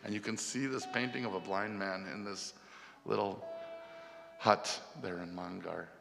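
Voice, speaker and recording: Male spiritual storyteller, gravelly tone, long reverb in a hall. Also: fairly low pitch, a little slow, music in the background. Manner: animated, casual retelling with fillers. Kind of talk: devotional storytelling talk. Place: festival hall.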